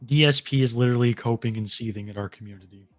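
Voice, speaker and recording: A man's voice: medium pitch, quick pace, no echo. A man co-hosting a livestream show, joking crudely and reading out thanks to members. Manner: crude, joking, reads out member shout-outs. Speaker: podcast co-host. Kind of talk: casual livestream banter.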